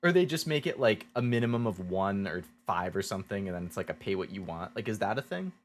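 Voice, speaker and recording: A man's voice: on the low side, expressive, fast talker. Chatty male streamer, rambling casually. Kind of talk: casual game stream chat.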